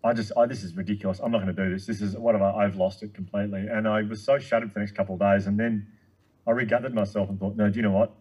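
A man in his thirties, a guest speaker telling a long story in casual chat, excitable and quick. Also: fairly low pitch, breathy edge, low-quality recording.

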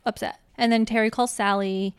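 A woman's voice: fairly high pitch, steady tone, normal speed, clean tone, no room sound. A young woman in casual podcast chat, retelling a movie plot with quoted lines and frequent laughs. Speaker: podcast co-host. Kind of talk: casual film recap chat.

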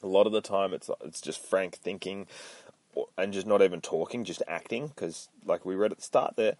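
A man's voice: deep voice, normal speed, a little mellow, no echo. A man hosting a casual comic book recap podcast, rambling, swearing a lot and mocking himself. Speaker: podcast host.

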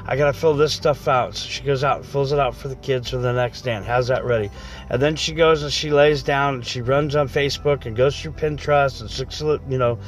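A middle-aged man talking casually about his home life, acting out both sides of everyday conversations. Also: mid-range voice. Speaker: husband talking about marriage. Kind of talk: casual monologue.

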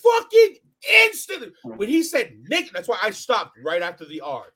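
A man hosting a podcast, telling a story in casual chat, profane and animated, acting out what others said. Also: normal speed, slightly rough, rough recording. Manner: animated, profane, acts out quotes with big pitch swings. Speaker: podcast host.

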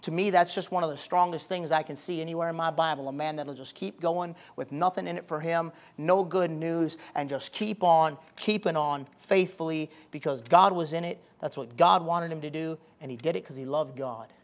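Folksy preacher building to fervor. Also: male voice, on the high side, normal speed, hardly any pauses. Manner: folksy preaching that swells from quiet talk to loud, emphatic fervor; colloquial, plain-spoken phrasing. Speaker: pastor. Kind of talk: sermon.

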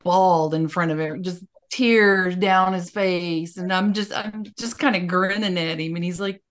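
A woman's voice: lowish voice, fairly even intonation, moderate pace. A middle-aged woman co-hosting a podcast, telling personal stories in a frank, plainspoken way. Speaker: podcast co-host. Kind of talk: casual podcast chat.

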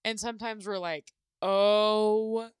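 A woman co-hosting a casual podcast from home, easygoing and quick to laugh. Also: medium pitch, expressive, no echo, clean studio sound. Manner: giggly, easygoing. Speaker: podcast co-host. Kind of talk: casual chat. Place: home room.

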